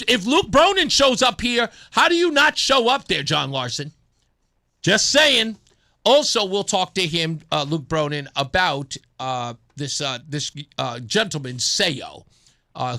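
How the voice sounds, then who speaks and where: A man hosting a radio talk show, chatting casually and telling stories, sometimes acting out both sides of a phone call. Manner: animated storyteller, acts out a phone call in a low mumbling voice.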